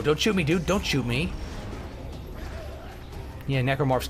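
A young man commentating a video game as he plays, goofy and joking, bursting into shouts. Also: fairly high pitch, takes it slowly, long pauses, faint music behind. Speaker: gameplay commentator. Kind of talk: let's play commentary.

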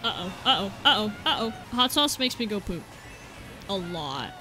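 A woman giving excitable gameplay commentary, yelping and cracking crude jokes. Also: medium pitch, moderate pace, soft background music. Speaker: gaming YouTuber.

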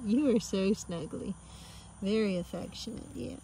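A Southern American woman filming herself outdoors, sweet-talking animals in a soft, cooing baby-talk voice. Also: mid-range voice, moderate pace, a little hiss or hum. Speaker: vlogger and mother on a family farm. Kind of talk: casual vlog, coaxing animals. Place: outdoors on a rural roadside.

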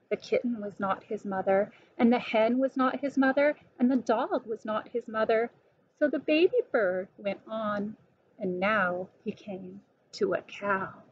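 A woman slowly and deliberately reading a children's picture book aloud. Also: on the high side, a little hiss or hum. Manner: slow, clear and deliberate. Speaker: storybook reader. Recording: dull lo-fi recording.

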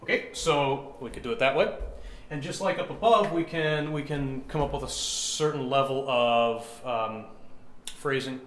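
Here a man explains chant rhythm methodically, counting beats out loud, singing examples, and regularly checking with "right?". He speaks at medium pitch and a measured pace with a fairly bright tone, in an echoey room with faint ambience.

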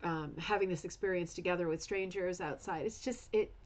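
A woman's voice: lowish voice, a little fast, poor audio. A middle-aged woman hosting a craft club livestream, chatting casually with viewers in a rambling way full of asides and restarts.

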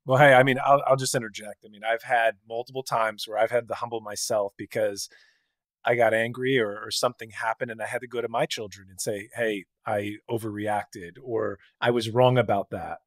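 A man hosts a podcast, sounding enthusiastic and quick to laugh. His voice sits at a middle pitch, and the recording is dry and close. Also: fairly even intonation, fairly bright tone, no echo. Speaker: podcast host. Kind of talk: interview chat.

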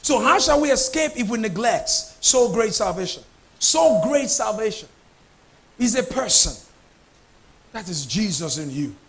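High-voiced pastor preaching. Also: male voice, big pitch swings, a little slow, a little hiss or hum. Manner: emphatic preaching with repeated phrases and questions to the congregation. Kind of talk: sermon.

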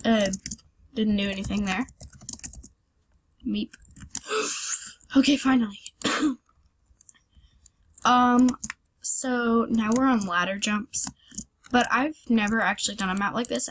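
A woman's voice: mid-range voice, a little slow, pauses often, a little hiss or hum. A young woman hosting her own channel, giving rambling, self-deprecating casual commentary on a parkour game and yelping at her fails, with keyboard clicks behind her. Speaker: gaming channel host.

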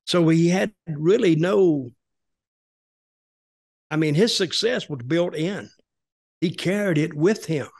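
A man's voice: fairly high pitch, takes it slowly, vocal fry, long pauses, darkish tone. An older American man casually telling a long story, rambling with restarts and acting out what others said. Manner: rambling, restarts, acts out quoted voices. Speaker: storytelling guest, former wrestler.

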